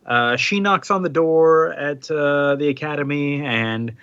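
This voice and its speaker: A man's voice: fairly high pitch, measured pace, a bit bright, smooth, dry recording, muffled recording. A man co-hosting a casual podcast, animatedly recapping a comic book story and switching voices for the characters. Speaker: podcast co-host.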